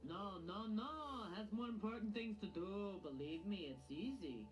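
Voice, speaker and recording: A cheerful Italian cartoon cook who adores cats, voiced by a woman. His put-on Italian accent is broad and coaxing, with a lively, bouncing pitch and cartoon music behind. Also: a little slow, close to an everyday voice, poor audio. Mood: jovial.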